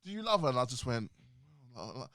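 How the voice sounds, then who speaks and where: A man's voice: mid-range voice, huge pitch swings, brisk, gravelly, a bit bright, no echo. A man hosting a casual chat in a studio, talking animatedly, laughing often and restarting his sentences. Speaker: podcast host.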